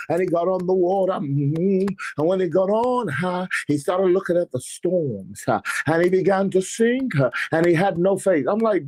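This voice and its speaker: A man, an apostle and church leader, giving a motivational talk on faith and money with an energetic, preacher-like delivery and sarcastic asides. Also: high-pitched, normal speed, few pauses.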